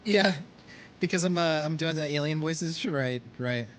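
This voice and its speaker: A man streaming a video game from home at night, chatting casually and quietly about what is on screen. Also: fairly high pitch, a little slow, slight background noise. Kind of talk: casual gameplay chat.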